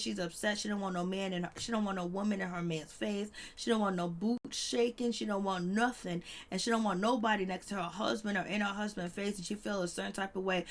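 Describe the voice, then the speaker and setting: A woman with talks through a reality TV episode in a loose, chatty way. She laughs a lot and slips into lively voices when quoting people. Her voice sits in a middle pitch. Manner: chatty, laughing, acts out quotes in animated voices. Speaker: reality TV recap host. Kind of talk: casual recap commentary.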